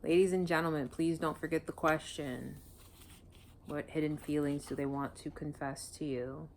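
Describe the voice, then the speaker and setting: A woman's voice: low voice, steady tone, normal speed, a little hiss or hum. A woman doing a casual tarot reading, blunt and emotional, swearing freely. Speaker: tarot reader.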